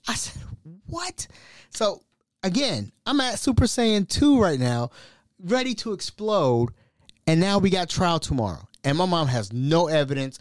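Male podcast host, casual storyteller, expressive swooping pitch, exasperated, dry close mic. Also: normal speed, dry recording. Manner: animated, exasperated retelling.

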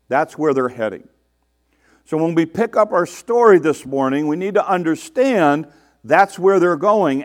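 Guy with a high voice preaching, reads the passage then stops to explain it, gets all exasperated doing the complaining parts. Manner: reads scripture aloud and breaks in to explain it; acts out quoted complaints in a raised, exasperated voice. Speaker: pastor. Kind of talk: sermon.

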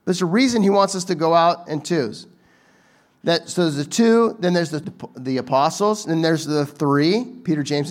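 A man's voice: fairly high pitch, fairly bright tone. A man giving a casual, conversational sermon, talking informally with frequent restarts and asides to the audience. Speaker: preacher.

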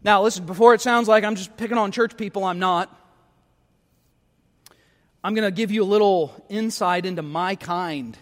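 A middle-aged man preaching a sermon as pastor, talking conversationally and poking fun at himself, often checking in with a quick "right?". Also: high-pitched, in a large hall. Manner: conversational, self-deprecating, frequent tag questions. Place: church sanctuary.

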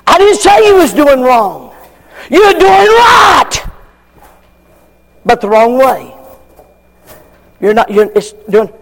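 An older man preaching a fiery sermon, shouting at times and acting out members of the congregation. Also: very high-pitched, big pitch swings, a little slow, creaky, long pauses.

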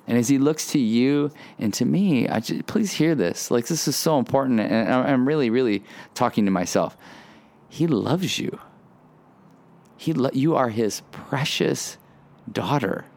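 A middle-aged male pastor with a gravelly, slightly creaky voice delivers a sermon. He is animated, slipping into a raised, eager voice to act out childlike boasting before settling back into earnest preaching. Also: medium pitch.

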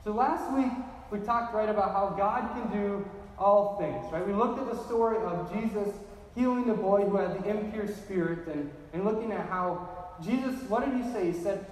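A man's voice: sits high, moderate pace. A man preaching a sermon as pastor, in a chatty style that keeps checking in with "right?". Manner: conversational, keeps asking "right?". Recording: echoey hall, distant mic.

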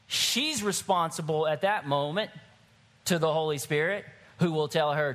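A pastor preaches to his church, moving from wry, conversational storytelling into emphatic, rising exhortation. He is a bald-headed man with a higher-pitched, slightly bright voice, speaking at normal speed.

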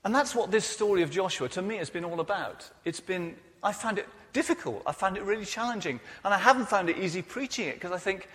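A man's voice: high-pitched, lively intonation, a little fast, hardly any pauses, a bit bright. A man preaching a sermon in a church, earnest and personal in his delivery. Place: church hall. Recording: reverberant church hall.

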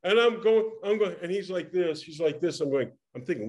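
An older man, a guest in an interview, tells a lively story from his performing days, laughing often and restarting his sentences. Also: high voice, normal speed. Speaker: interview guest, former actor and singer. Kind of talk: casual anecdotal storytelling.

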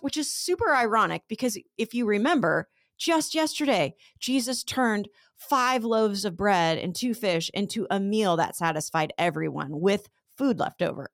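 A woman's voice: mid-range voice, expressive, moderate pace, hardly any pauses, dry recording, studio quality. A woman teaching a casual Bible lesson, retelling scripture scenes in conversational everyday speech.

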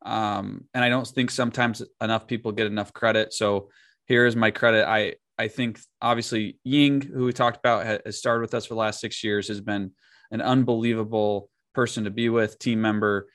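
A man's voice: on the low side, flat delivery, normal speed, fairly bright tone, dry recording. Dry-sounding man, casual podcast chat. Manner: laughs often while telling stories. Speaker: podcast co-host.

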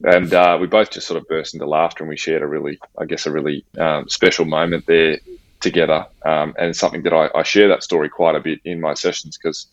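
An Australian man with an extremely deep voice tells a personal story at a quick clip. He talks casually and animatedly, slipping in slang and acting out bits of dialogue. The audio is dry and a little dull. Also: flat delivery, no room sound.

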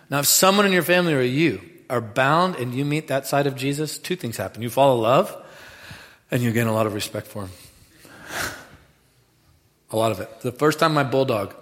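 A man preaching a sermon in a lively, animated way, dropping to quiet asides and rising to loud bursts. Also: medium pitch, gravelly. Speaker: pastor. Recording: reverberant hall.

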